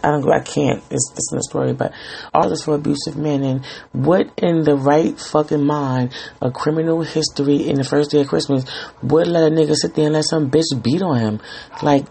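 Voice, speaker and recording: Gravelly man ranting casually. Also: on the high side, fairly even intonation, brisk, mellow. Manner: rambling, profane, exasperated. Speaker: podcast host. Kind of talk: casual storytelling rant.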